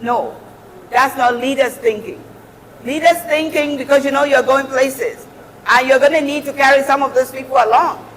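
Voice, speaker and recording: A woman's voice: sits high, a little hiss or hum. A middle-aged woman giving an earnest, encouraging motivational talk as a guest speaker. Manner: earnest, encouraging, warm advice. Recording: reverberant hall.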